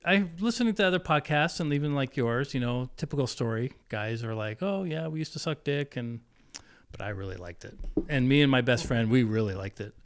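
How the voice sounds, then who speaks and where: Podcast guest, man in his fifties, mid-pitched voice, candid and emotional, halting delivery with frequent restarts. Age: 50s. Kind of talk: personal storytelling interview.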